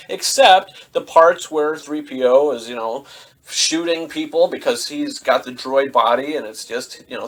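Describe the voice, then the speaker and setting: A young man giving a casual spoken film review, rambling with lots of fillers and bursting into animated mimicry of the dialogue. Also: medium pitch. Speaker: movie reviewer.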